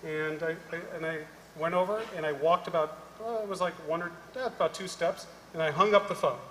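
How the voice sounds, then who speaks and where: A man giving a conference talk, telling a story in an animated way and acting out the dialogue. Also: on the high side, a little fast. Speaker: conference speaker. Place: conference hall. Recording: roomy hall with long reverb, faint noise.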